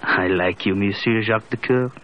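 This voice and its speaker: An actor with a French accent playing a perceptive, kindly old male country doctor who teases gently and chuckles often, in 1940s radio acting. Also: on the low side, moderate pace, noisy background, lightly acted. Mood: gently teasing. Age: older. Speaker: village doctor. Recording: muffled old radio broadcast.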